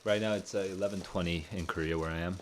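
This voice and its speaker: A man chatting casually on a live stream, answering viewer questions at home. He sounds low on energy and talks in a laid-back, rambling way, with plenty of fillers. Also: fairly even intonation, fast talker, slight background noise.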